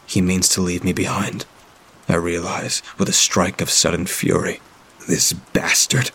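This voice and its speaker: A man narrating a horror story in a grim, steady first-person reading. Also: sits low, normal speed, creaky, slight background noise.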